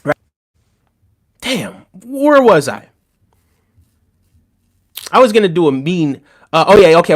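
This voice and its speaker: A man's voice: high-pitched, sing-song, takes it slowly, long pauses. A man casually chatting on a live stream about politics, mocking and talking straight to his viewers' messages. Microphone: desk microphone.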